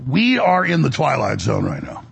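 A man's voice: medium pitch, huge pitch swings, moderate pace, vocal fry, breathy edge. A man hosting a broadcast show from a studio, talking in an agitated, rambling monologue that is full of repeated words and restarts. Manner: agitated, repetitive, with many restarts. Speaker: radio and web show host.

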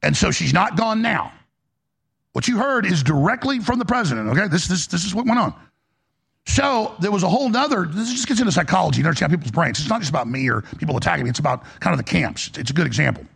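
A man's voice: high voice, big pitch swings, fast talker, gravelly, fairly bright tone, slightly rough. A man ranting as a political commentator in a heated, exasperated monologue, blunt and profane.

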